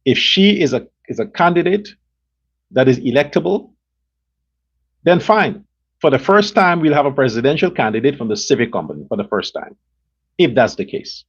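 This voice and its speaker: A Guyanese man hosts a political talk show and rants, blunt and profane, repeating himself for force. His voice is husky and his pitch sits in the middle. The recording sounds dull and lo-fi. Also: animated, normal speed, pauses often. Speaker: political commentary host. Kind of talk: ranting political commentary.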